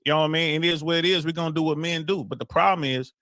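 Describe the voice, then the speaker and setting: Brief: streetwise man on a panel talking fast, bright, dry close sound. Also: fairly high pitch, no echo. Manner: streetwise, full of filler phrases. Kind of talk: casual panel talk.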